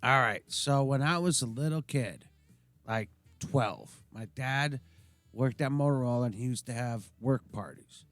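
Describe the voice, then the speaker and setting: A man's voice: mid-range voice, unhurried, a bit bright, dry recording, soft background music. A man co-hosting a podcast in casual chat, blunt and rambling, swearing freely as he tells stories. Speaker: podcast co-host.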